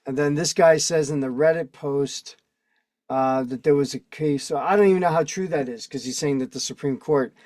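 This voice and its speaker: The host of a casual online chat rambles, reading notes aloud and then riffing on them indignantly. His voice is a little high and a little mellow at a normal pace, captured with clean studio sound and no room sound.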